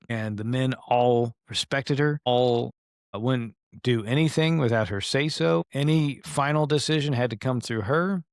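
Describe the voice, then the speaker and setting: A man's voice: mid-range voice, dry recording, clean studio sound. Casual, hesitant male podcast host. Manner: conversational, with hesitations and self-corrections. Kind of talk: casual storytelling.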